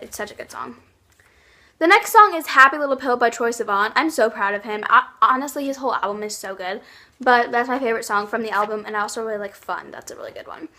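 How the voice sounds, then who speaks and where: A woman's voice: fairly high pitch, sharp tone. A young woman chatting casually in a vlog, gushing about her favorites with lots of likes and ums. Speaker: YouTube vlogger.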